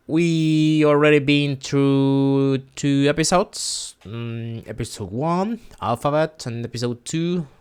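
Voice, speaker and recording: A man's voice: medium pitch, clear, resonant tone. A man giving an informal recorded lesson, hesitant and thinking aloud with many restarts and fillers. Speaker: language teacher.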